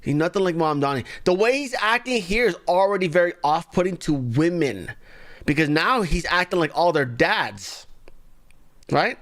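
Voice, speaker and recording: A man's voice: fairly high pitch, animated, normal speed, a bit bright, dry recording. A man hosting a live show, giving sarcastic, mocking political commentary.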